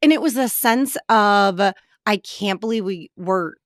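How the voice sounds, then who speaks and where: This is a woman in her thirties co-hosting a chatty podcast. She gushes and gets emotional, tumbling into quick asides. Her voice sits close to the mic in a dry, dead room, at a middle pitch. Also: no echo. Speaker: podcast co-host. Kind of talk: casual chat.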